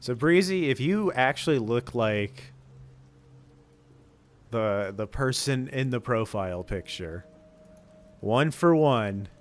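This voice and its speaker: Slow-talking man joking with chat. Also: medium pitch, animated. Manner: joking, self-mocking banter with chat. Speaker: streamer reading chat. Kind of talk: casual live-stream chat.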